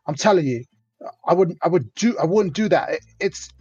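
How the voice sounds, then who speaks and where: Guy doing a scared stammering suspect, higher voice, begging over and over, kinda muffled audio. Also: expressive, moderate pace, a little mellow, husky, dry recording. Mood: pleading. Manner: pleading, stammering, repeats words. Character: frightened young male suspect, stammering. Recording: dull lo-fi audio.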